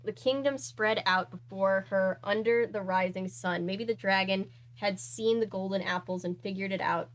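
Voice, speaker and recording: A woman hosting her own channel, reading a dark children's book aloud. Her mid-range voice is earnest and steady, and she now and then breaks off to react. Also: medium pitch, moderate pace, hardly any pauses, poor audio.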